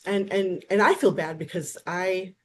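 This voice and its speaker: Animated woman telling stories. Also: fairly low pitch, unhurried, slight background noise. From Wisconsin. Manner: animated storyteller, acts out quotes. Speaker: guest, therapist. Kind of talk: casual interview chat.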